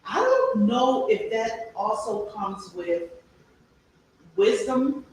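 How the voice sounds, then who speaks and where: A woman's voice: a little high, very animated, slow pace, darkish tone, a little hiss or hum. Reflective woman guest, echoey and distant. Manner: reflective, storytelling, conversational. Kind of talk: casual live-stream conversation. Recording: echoey room, voice from far off.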